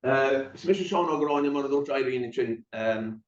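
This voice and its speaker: An older Irish man tells local stories in a wry, rambling way, the retired teacher in him showing. His voice sits at an ordinary pitch. It comes from a distance in an echoey hall, with a dull, muffled sound. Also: moderate pace. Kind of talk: casual storytelling talk.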